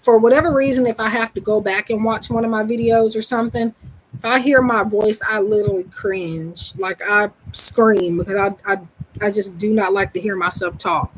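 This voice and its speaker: A psychic reader from the Southern United States hosts a live stream, talking casually in a Southern US accent. Her medium-pitched voice comes through a low-quality recording, and she rambles, chats, pokes fun at herself, and restarts often.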